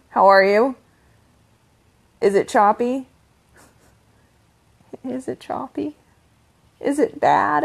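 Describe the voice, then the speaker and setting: A young woman talks straight to her livestream viewers, loose and chatty, wandering through her thoughts with plenty of fillers. She swears freely and casually, like she's catching up with friends. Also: sits high. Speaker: online business coach.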